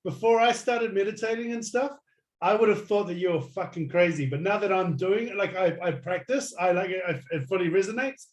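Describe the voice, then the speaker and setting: A man hosting a podcast in casual conversation, easygoing and agreeable, quick to laugh and casually swearing. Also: high voice, animated. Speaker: podcast host. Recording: echoey room sound.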